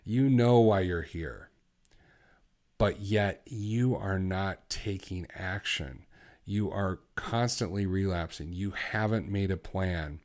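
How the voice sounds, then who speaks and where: A man hosting a solo podcast, talking bluntly and exhorting his listeners, moving from quiet reflection to fervent conviction. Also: low-pitched. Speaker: podcast host. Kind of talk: impassioned solo podcast talk.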